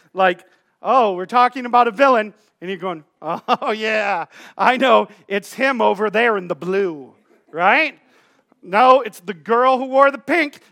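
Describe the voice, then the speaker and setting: High, bright-voiced joking male pastor. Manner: casual and joking, many restarts. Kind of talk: sermon.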